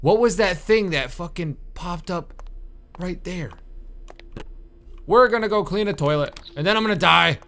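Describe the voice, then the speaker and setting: A man's voice: high-pitched, a little slow, pauses often, bright, forceful tone. A young man commenting on a horror game he is playing, nervous and jumpy, swearing and joking to himself. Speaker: gaming YouTuber.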